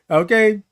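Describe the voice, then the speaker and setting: High-voiced, emphatic motivational host. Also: male voice, creaky, fairly bright tone, breathy edge. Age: middle-aged. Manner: emphatic and preachy, repeats key phrases, drags out words for stress. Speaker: host of a morning live show. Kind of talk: motivational live-stream talk, reading viewer comments.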